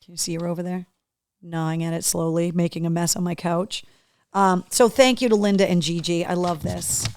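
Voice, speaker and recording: A woman hosting a casual live show, chatty and excitable, talking to her dog between opening gifts from fans. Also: fairly low pitch, brisk. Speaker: host.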